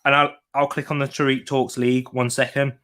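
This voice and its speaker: A man's voice: medium pitch, flat delivery, a little fast, a bit bright, slight background noise. A young man hosting a casual football watch-along, chatting to viewers while eating and laughing often. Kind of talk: casual live-stream chat reading comments.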